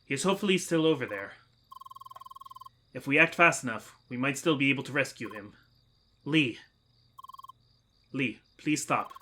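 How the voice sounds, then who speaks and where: A man voicing an earnest, formal male researcher from a video game, with a half-dropped attempt at a Russian accent and careful, measured phrasing. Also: mid-range voice, pushed and bright, a little hiss or hum. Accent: attempted Russian, mostly dropped. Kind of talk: reading game dialogue aloud.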